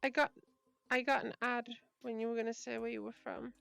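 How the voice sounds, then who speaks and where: A woman's voice: on the high side, level tone, brisk, gravelly, a bit bright, clean tone, no echo, soft background music. A young woman from Britain with an English accent, chatting casually with her livestream viewers and laughing often. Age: young adult. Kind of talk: casual chat reading viewer messages.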